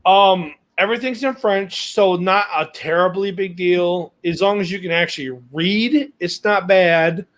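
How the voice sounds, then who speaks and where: A man recounts a road mishap in relaxed podcast chat. His voice sits a little high for a man. He rambles, swears freely and leans on fillers. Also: unhurried, few pauses. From United States. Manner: rambling, profane, full of fillers. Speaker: podcast co-host. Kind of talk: casual storytelling chat.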